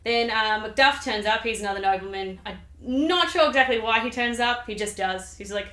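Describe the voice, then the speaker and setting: A woman's voice: on the high side, fairly quick, hardly any pauses, pushed and bright, reverberant. Chatty, irreverent woman summarizing a play. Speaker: channel host. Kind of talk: casual comic literature summary.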